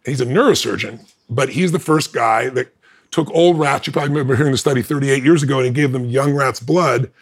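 A man who is a podcast guest, telling a personal story in an animated way. He laughs between lines and acts out what other people said. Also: medium pitch, fairly quick.

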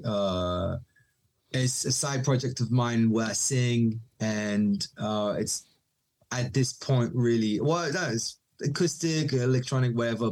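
Israeli-born male podcast guest, casual and animated storyteller, mid-pitched voice. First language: Hebrew. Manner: animated storytelling, acts out quoted voices, laughs often. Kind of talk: casual chat.

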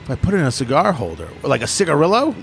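A man's voice: a little high, rapid-fire, slight background noise. A man hosting an opinionated political talk show, emphatic and mocking. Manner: animated, emphatic, mocking asides.

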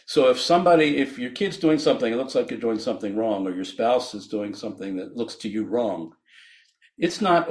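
A man's voice: mid-range voice, expressive, fairly quick. A man, a physician guest on a podcast, explaining his ideas earnestly with frequent laughs and restarts.

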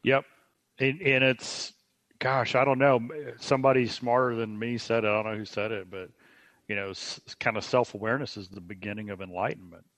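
A man speaking as a guest on a podcast, explaining ideas in a slow, reflective way. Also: on the low side, steady tone, fairly bright tone, no room sound. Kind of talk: casual podcast conversation. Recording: dry, slightly dull sound.

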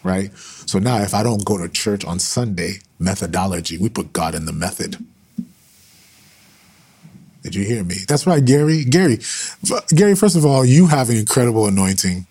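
A man preaching fervently in a husky, breathy voice, hammering each point by saying it again and again. He talks directly to his listeners as he goes, in a live-streamed style of preaching. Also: fairly low pitch, lively intonation, normal speed, darkish tone. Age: adult with sons. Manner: fervent, repeating phrases for emphasis. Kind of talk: impassioned preaching on a livestream.

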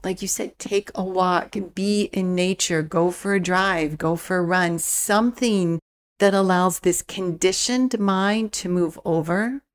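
A woman speaking as a spiritual mentor guest in a relaxed interview, calm and reflective with easy laughs. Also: fairly low pitch, measured pace, smooth. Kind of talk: casual interview chat.

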